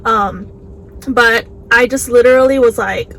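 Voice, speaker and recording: A woman's voice: a little high, unhurried, low-quality recording. Chatty young woman telling a story. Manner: chatty, animated, many "like"s, acts out quotes. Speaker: vlogger. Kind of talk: casual storytime while eating. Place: car. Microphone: phone. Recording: faint background noise, phone recording.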